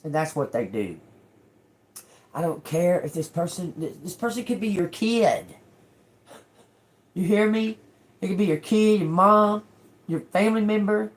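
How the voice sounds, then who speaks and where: A woman giving a casual tarot reading to her viewers, blunt and emphatic, cursing freely and often checking in with "okay?". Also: mid-range voice. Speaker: tarot reader.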